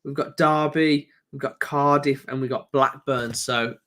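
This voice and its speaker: Co-hosting a casual football fan live stream, a man reads out donations, comments and fixtures in an easygoing manner. His voice is mid-range, steady, unhurried and a bit bright.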